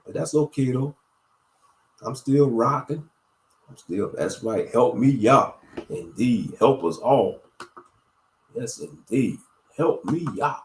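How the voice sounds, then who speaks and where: A man's voice: a little high, big pitch swings, unhurried, darkish tone, echoey room, low-quality recording. A man hosting a casual religious livestream, talking to his viewers in a meandering, preachy way with lots of fillers. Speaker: livestream host.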